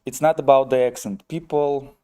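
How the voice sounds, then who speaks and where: A man with a Russian accent, a native Russian speaker, chatting on his live stream in a wry, self-mocking way and calling his viewers "ladies and gentlemen". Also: medium pitch, fairly even intonation, normal speed. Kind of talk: casual live-stream chat, reading viewer comments.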